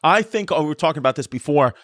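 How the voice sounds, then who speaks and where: A man co-hosting a comedy podcast, jokey and animated, acting out other people's lines as he talks. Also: fairly high pitch, rapid-fire, no echo, clean studio sound. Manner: animated, jokey, acts out quotes. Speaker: podcast co-host. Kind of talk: casual podcast chat.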